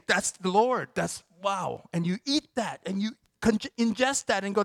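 A man preaching a sermon as pastor, moving between relaxed, joking asides to the congregation and emphatic, building declarations. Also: high voice, normal speed, few pauses, no echo, studio quality. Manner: conversational and joking, with sudden emphatic bursts.

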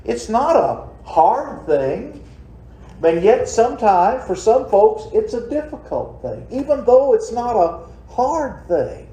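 Folksy preacher in an echoey church. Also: male voice, extremely high pitch, very animated, slow, dark tone. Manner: folksy, conversational preaching with rhetorical questions. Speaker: pastor. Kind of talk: sermon. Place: church sanctuary. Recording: roomy church echo.

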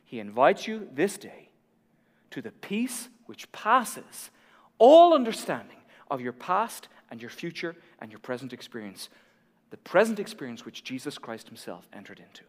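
A middle-aged man delivers a sermon in a high, light voice. He moves from hushed asides to emphatic peaks, and his voice carries the long reverb of a large church hall. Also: moderate pace. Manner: expressive, swings between soft asides and emphatic peaks. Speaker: pastor.

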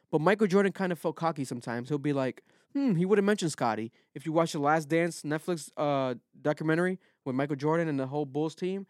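A man with a fairly high voice talks through a casual podcast, loose and profane. He is recorded close and dry, with almost no room sound. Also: dry recording. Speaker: podcast host.

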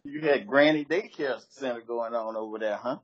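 A man's voice: mid-range voice, moderate pace, slightly rough. A man in casual chat, laid-back and teasing, mostly chiming in with short agreeing replies. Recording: muffled lo-fi mic.

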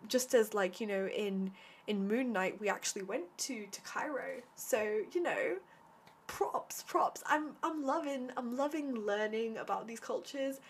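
Young woman, casual vlogger energy, eager and rambling, mid-range voice, faint background hiss. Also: medium pitch. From Britain. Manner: enthusiastic, chatty, heavy use of "like" and "um". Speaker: vlogger reviewing a TV series. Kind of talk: casual spoken review.

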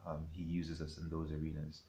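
A man hosting an interview, speaking thoughtfully with many pauses and repeated phrases. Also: rumbling low, completely flat delivery, mellow. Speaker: host. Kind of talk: reflective interview talk.

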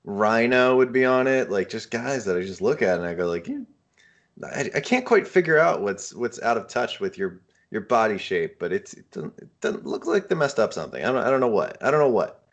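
Deep-voiced man rambling unsurely. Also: very animated, fairly quick. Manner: rambling and unsure, often trailing off with "I don't know". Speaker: podcast co-host. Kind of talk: casual chat.

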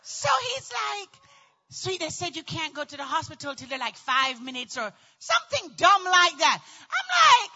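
A woman in middle age telling a personal story in a dramatic, animated way, acting out voices and often shouting. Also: extremely high pitch, moderate pace, muffled recording. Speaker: storyteller recounting childbirth.

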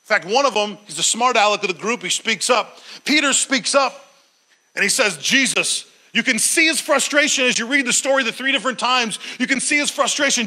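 A man preaching a sermon, retelling a Bible story with animated storytelling and acted-out quotes. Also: extremely high pitch, a little fast, low-quality recording. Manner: occasional stumbles and restarts.

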